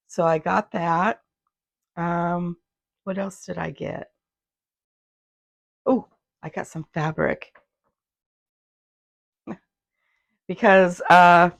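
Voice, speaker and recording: A woman with a hoarse, gravelly voice chatting casually in her sewing vlog. She rambles, loses her thread and restarts while recording on a phone in her home sewing room. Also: lowish voice, no echo. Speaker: handmade business owner, vlogger.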